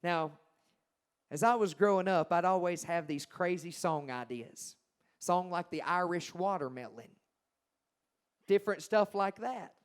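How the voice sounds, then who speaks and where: A young man, telling his personal testimony to a congregation. He speaks emphatically and swings from loud to hushed. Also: sits high, unhurried, pauses often, clear, resonant tone. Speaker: Christian singer-songwriter giving his testimony.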